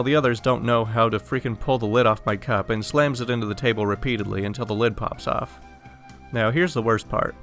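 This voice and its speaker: Young male narrator, mid-pitched, casual read-aloud story, faint music underneath. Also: fairly bright tone. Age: young adult. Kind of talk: reading an online story aloud.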